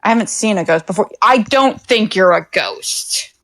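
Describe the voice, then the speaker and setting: A woman voicing a slow-witted young male inspector in a tabletop game, speaking deadpan and slowly drawn out. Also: medium pitch. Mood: earnest.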